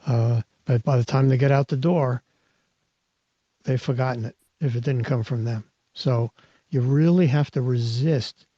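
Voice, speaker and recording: The host, a mindset coach, speaks unhurriedly in a mellow, medium-pitched voice with fairly even intonation on a dry recording. He coaches emphatically in a live audio talk, repeating words and restarting sentences over dull, lo-fi online audio.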